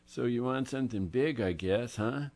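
A man's voice: medium pitch, darkish tone, pitched above the performer's own voice, close to an everyday voice. A man reading a story aloud, voicing a garrulous, streetwise middle-aged businessman with a Brooklyn accent. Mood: fond. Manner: garrulous, fast-talking.

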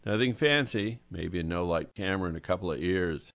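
A man reading an audiobook voices a sharp, wry woman investigator who talks briskly to a friend. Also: sits low, vocal fry, no room sound.

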